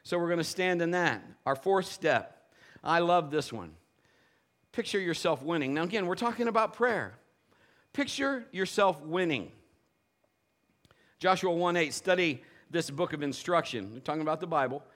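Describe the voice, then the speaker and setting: A man preaching a sermon, telling lively personal stories and acting out the voices of the people in them. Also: fairly high pitch, brisk. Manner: animated storytelling, playful quoted voices. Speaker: pastor.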